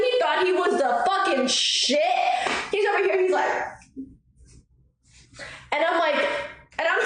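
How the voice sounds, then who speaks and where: A young woman streamer with a high voice tells a story during a casual livestream chat, animated, swearing freely, bursting into laughter and mimicking people. The room is very echoey, with faint noise underneath.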